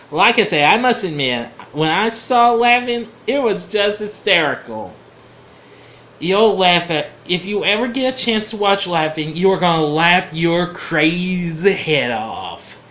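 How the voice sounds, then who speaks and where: A man's voice: sits high, fairly bright tone, slight background noise. A man reviewing an old comedy show for his vlog, rambling and chuckling, often losing his train of thought.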